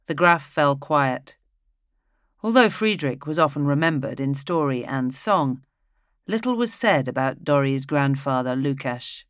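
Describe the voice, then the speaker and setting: Audiobook narrator, steady even delivery, close dry recording. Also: medium pitch, unhurried, no echo.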